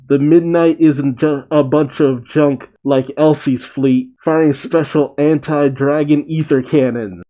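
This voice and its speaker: A man's voice: medium pitch, dark tone, poor audio. A man reading a manga chapter aloud and narrating its dialogue, breaking off for dry, wry comments of his own. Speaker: manga reaction host.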